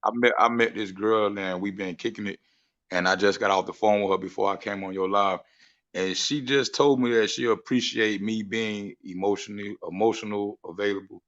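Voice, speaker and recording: Man, livestream guest, animated, laughs often, low voice, muffled audio. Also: moderate pace. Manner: animated, laughs often, says "you know what I'm saying". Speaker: guest content creator. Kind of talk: casual livestream chat.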